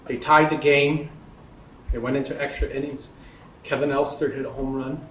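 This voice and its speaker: A man telling a childhood memory in plain, steady storytelling. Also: mid-range voice, moderate pace. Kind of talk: personal recollection. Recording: roomy, distant, faint noise.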